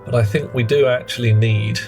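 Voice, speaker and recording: British guy streaming a game, chatty and goofy, soft music and keyboard clacks in the background. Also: medium pitch, steady tone, a little fast, gravelly. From Britain. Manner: chatty and playful, greets chat, muses aloud. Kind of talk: live gameplay commentary.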